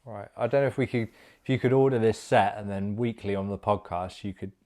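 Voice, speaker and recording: A man's voice: on the low side, a little fast, dark tone. Easygoing podcast co-host man. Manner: easygoing, laughs along, brief replies. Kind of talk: casual chat.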